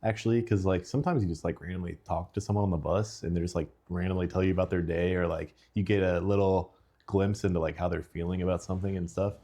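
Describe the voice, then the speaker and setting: A man hosting a podcast, relaxed and easygoing in casual chat. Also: sits low, fast talker. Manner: relaxed, easygoing listener with fillers. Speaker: podcast host.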